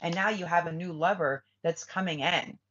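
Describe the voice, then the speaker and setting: Blunt low-voiced woman giving a spiritual reading. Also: moderate pace, fairly bright tone. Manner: blunt, swears freely, acts out quoted voices. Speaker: tarot reader. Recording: lo-fi muffled audio.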